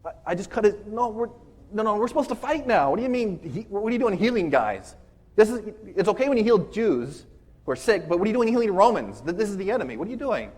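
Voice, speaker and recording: A hot-headed male warrior disciple, as a preacher puts him on, protesting in a raised, agitated voice. His tone is husky and pitched up high with disbelief. He sounds like a fighter betrayed by his leader. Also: very animated, quick pace, darkish tone. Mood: outraged.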